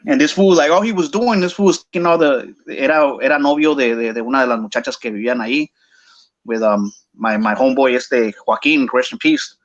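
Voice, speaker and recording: A man's voice: medium pitch, brisk, highs cut off. A man with a Chicano English accent telling a story casually, slangy and mixing English with Spanish.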